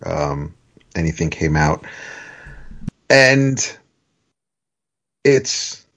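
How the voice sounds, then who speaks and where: A man's voice: sits low, creaky, husky. A man chatting casually about comic books on a podcast, hesitant and full of fillers. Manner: hesitant, filler-heavy, trailing off. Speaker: podcast co-host. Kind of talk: casual comic book chat. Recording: dull lo-fi audio.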